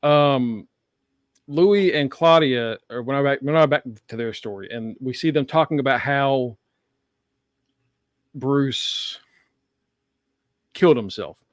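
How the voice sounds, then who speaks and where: A man's voice: medium pitch, slow pace, long pauses, no room sound, studio quality. A man hosting a casual TV review chat, cursing and laughing often as he talks. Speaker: podcast host.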